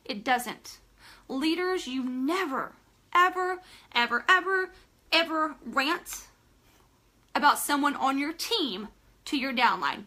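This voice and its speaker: A woman's voice: sits high, animated, slow pace, pauses often, sharp tone. A woman giving a live motivational talk to team leaders, emphatic and direct, repeating phrases for stress and asking viewers to comment. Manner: addresses listeners directly, asks for comments.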